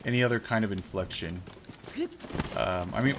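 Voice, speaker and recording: A man with a fairly low voice chats through a game stream, rambling and musing aloud with plenty of fillers and restarts. The recording carries clear background noise behind his voice. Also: normal speed. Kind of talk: casual live-stream chat while gaming.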